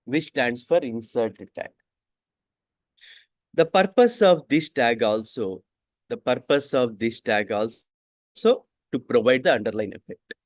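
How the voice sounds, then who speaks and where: Slow man repeating every line. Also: mid-range voice, dry recording, clean studio sound. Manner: repeats each sentence twice, slow and deliberate. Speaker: coding instructor. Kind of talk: classroom coding lesson.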